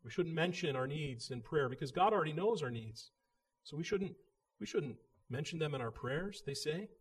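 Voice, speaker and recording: A man's voice: on the high side, lively intonation, moderate pace. A man preaching a sermon in an earnest manner, building emphasis as he goes. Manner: earnest, with frequent restarts and rising emphasis.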